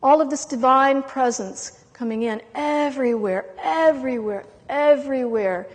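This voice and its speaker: A high-voiced woman speaks in an intense, emotional way, letting long pauses hang between her words. It is a spiritual talk given to a live audience, and a long hall reverb trails after each phrase.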